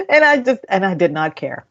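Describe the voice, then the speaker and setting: A woman's voice: medium pitch, wildly swooping pitch, normal speed, a crowd in the background. A woman co-hosting a casual radio chat, telling a movie story in a rambling, chatty way. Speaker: radio co-host. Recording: dull lo-fi radio audio.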